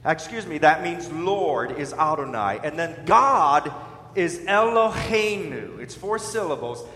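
A pastor giving a sermon, leading his listeners to repeat words after him in a slow, deliberate, emphatic way. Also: a little high, expressive, bright, forceful tone. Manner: leads the listeners in call-and-response pronunciation. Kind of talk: sermon teaching with congregation repetition. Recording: echoey hall with long reverb.

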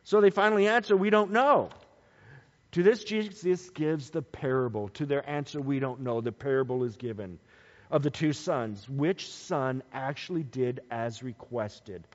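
Male preacher, expressive delivery that jumps between loud stresses and soft asides, lively pitch, muffled recording in a big reverberant hall. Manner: animated, swings from loud emphasis to quiet low asides. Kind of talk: bible teaching sermon. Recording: dull sound with long hall reverb.

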